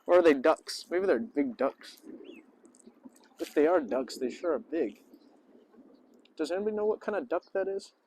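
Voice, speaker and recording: With lively intonation, a moderate pace and long pauses, a somewhat mellow-voiced man vlogs by a lake in a park, captured in a low-quality recording. This English teacher host chats casually and playfully, often addressing the birds in a high voice, while geese and ducks honk faintly.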